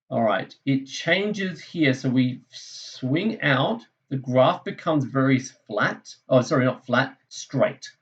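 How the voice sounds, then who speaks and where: A man's voice: medium pitch, muffled recording. A man teaching a maths lesson over a screen recording, thinking aloud in a casual way and correcting himself as he goes.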